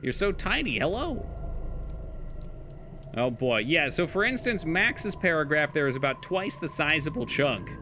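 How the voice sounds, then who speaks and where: A man's voice: a little high, big pitch swings, unhurried, noisy background. A young man streaming a game live, chatting casually with his chat, swearing and laughing often.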